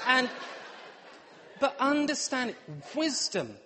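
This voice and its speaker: A middle-aged man preaches a humorous sermon in a playful, self-mocking way, acting out little scenes. His voice sits high for a man. A long reverb from the church hall trails behind him. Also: animated, normal speed, a bit bright, slight background noise. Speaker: pastor.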